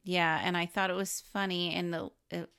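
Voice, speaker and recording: A woman co-hosting a podcast in casual chat, reacting quickly with agreement and laughter. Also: lowish voice, level tone, a bit bright, clear, resonant tone. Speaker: podcast co-host.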